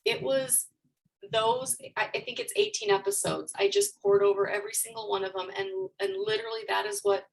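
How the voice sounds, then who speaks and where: Woman guest, gravelly voice, sitting back from the mic, candid and emotional. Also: medium pitch, fairly quick, distant mic, poor audio. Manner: open and emotional. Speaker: life coach, podcast guest. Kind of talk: candid personal storytelling.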